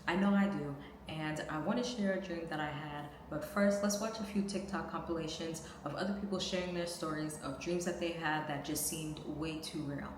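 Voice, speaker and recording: A woman in her thirties from the USA opens her vlog, talking straight to her viewers. Her voice sits very low. The room rings with heavy echo, and background noise runs beneath her. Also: steady tone, normal speed, few pauses. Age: 30s. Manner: friendly, direct address to viewers. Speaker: vlog host. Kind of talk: casual vlog intro.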